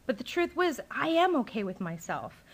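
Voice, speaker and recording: A young woman with a slightly high voice tells her recovery story to a meeting. She speaks candidly and with feeling, and her talk is loose, with plenty of fillers. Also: very animated, normal speed. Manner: candid and emotional, with frequent fillers.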